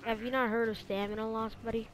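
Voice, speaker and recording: A woman's voice: fairly high pitch, level tone, quick pace. A young woman giving casual gameplay commentary, slangy and stammering as she teases her opponents. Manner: slangy, stammering, mock-trash-talking opponents. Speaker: gamer.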